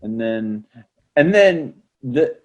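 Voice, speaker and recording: A man who teaches music, telling stories in a casual chat, animated and slangy, often tacking "man" onto his lines. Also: medium pitch, slow pace, highs cut off. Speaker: music teacher and salsa trumpet player.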